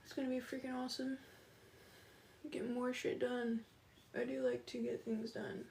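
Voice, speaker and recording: A woman's voice: on the high side, flat delivery, normal speed, vocal fry, darkish tone, slight background noise. A woman chatting casually with viewers on a livestream, laughing often and greeting them by name.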